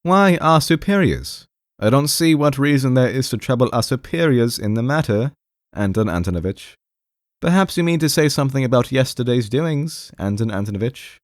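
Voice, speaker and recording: A man narrates an audiobook, speaking as a timid, anxious clerk who begs in a shaky voice and repeatedly uses the name of the man before him. His mid-range voice is sing-song and darkish at a moderate pace, raised in pitch yet close to an everyday voice. The studio sound is clean, without any room sound.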